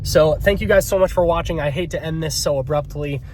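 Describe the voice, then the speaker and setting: A man filming a casual vlog from his phone while driving, talking in a hurried, chatty, self-mocking way. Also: on the high side. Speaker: fitness vlogger. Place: inside a car while driving. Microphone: phone camera in a dash holder. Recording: loud car and road noise.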